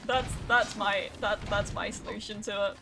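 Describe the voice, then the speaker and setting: A woman's voice: mid-range voice, fairly even intonation, moderate pace, creaky, bright, forceful tone. A young woman, chatting casually and swearing now and then while she streams a video game. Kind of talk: casual rambling while gaming.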